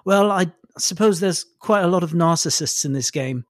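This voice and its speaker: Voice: mid-range voice, normal speed, dry recording, studio quality, natural voice. A game master voicing a smug, condescending male villain who taunts the players. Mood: smug taunting. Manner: teasing, condescending.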